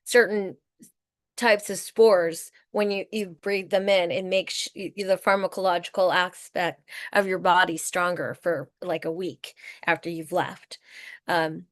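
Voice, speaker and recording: Low-voiced woman explaining earnestly. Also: steady tone, measured pace, no room sound, clean studio sound. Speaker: circle participant. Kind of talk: casual group video call sharing.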